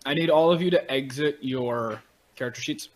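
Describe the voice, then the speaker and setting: A man's voice: medium pitch, moderate pace, poor audio. A man running a tabletop game as game master, narrating scenes to his players.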